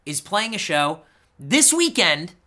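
A man hosting a podcast, ranting in a loud, excitable way, swearing a lot and laughing often. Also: high-pitched, slow pace. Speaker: podcast host. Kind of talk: casual podcast chat.

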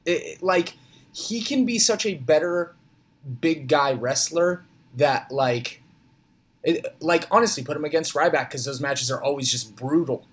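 A man's voice: fairly high pitch, lively intonation, unhurried, slightly rough. A man co-hosting a podcast from a hotel room, chatting casually about wrestling and joking around. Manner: jokey, breaks into goofy impressions. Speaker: podcast co-host. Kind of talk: casual wrestling recap chat.

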